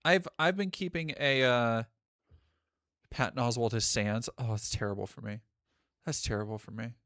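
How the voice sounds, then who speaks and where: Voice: mid-range voice, normal speed, dry recording, clean studio sound. A streamer talking casually to chat while reacting to videos, swearing freely and thanking donors. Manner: profane, animated, chatty. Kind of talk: casual live-stream commentary.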